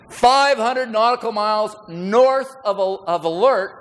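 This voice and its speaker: A man's voice: sits high, fairly bright tone. A middle-aged man, a senior military leader giving a folksy, conversational speech to an audience. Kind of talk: public speech with anecdotes. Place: large hall with audience. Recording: reverberant hall.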